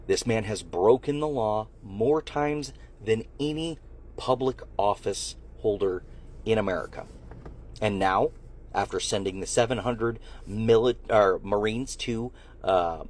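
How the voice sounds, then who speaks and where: A man giving a firm, accusatory public statement that demands action. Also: on the low side. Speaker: political speaker.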